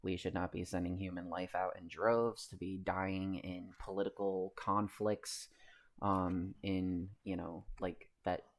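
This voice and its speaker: A man's voice: low-pitched, level tone, measured pace. A man streaming live, reading the news aloud and riffing on it in a rambling, casual way, with many fillers and some swearing.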